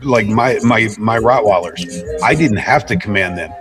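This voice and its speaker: A man on a live panel telling a story in a calm, rambling way, restarting his sentences often. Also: on the low side, moderate pace, over music. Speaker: panel guest.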